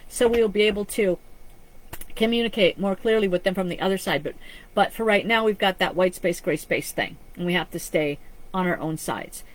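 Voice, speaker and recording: A woman's voice: mid-range voice, low-quality recording. A woman psychic medium giving a live-streamed reading, talking in an earnest, rambling way with frequent restarts. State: choked up with emotion.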